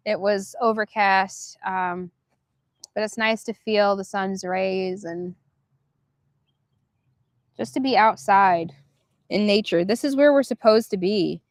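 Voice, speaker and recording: A woman hosting a casual spiritual livestream outdoors, musing softly and guiding slow breathing. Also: mid-range voice, no echo. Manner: meandering, soft and reflective, guides slow breathing. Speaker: livestream host. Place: outdoors near a park.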